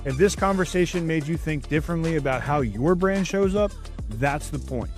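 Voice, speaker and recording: A man's voice: fairly high pitch, lively intonation, moderate pace. Polished male outro over music. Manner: polished, promotional. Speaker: podcast host. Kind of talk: scripted outro.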